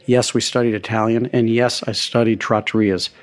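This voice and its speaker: Relaxed middle-aged man telling stories. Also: on the low side, moderate pace. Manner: relaxed, anecdotal, self-deprecating. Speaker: restaurateur guest. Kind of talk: conversational storytelling interview.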